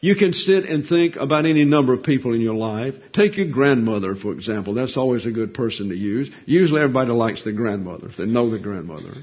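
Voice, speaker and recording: A man's voice: medium pitch, expressive, fast talker, few pauses, husky. A man preaching a sermon in a folksy, conversational way, asking rhetorical questions and answering them. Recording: dull lo-fi recording.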